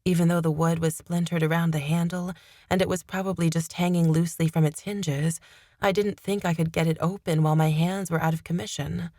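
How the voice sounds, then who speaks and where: A woman reading first-person fantasy narration in a steady, measured way. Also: fairly low pitch, no echo, clean studio sound. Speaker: audiobook narrator.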